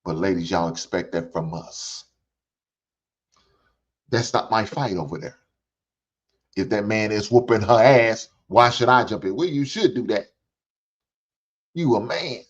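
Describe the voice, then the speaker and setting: A man's voice: on the low side, measured pace, long pauses, husky. An older man hosts a reaction show, ranting bluntly with lots of profanity and preaching in repeated phrases. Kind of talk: ranting commentary. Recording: dull lo-fi recording.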